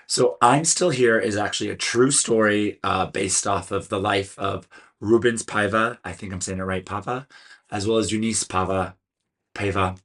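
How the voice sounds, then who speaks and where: A man's voice: on the low side, normal speed, a bit bright. A man with a Californian American accent, giving a chatty, earnest solo film review and stumbling now and then over names. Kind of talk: casual solo video review.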